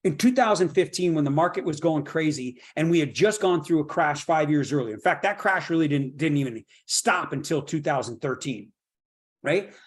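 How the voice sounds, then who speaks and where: A middle-aged man teaching a real estate workshop in an energetic, motivational way, stacking up repeated phrases and often checking in with "right?". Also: fairly high pitch, normal speed, husky. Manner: builds points through long repeated phrases.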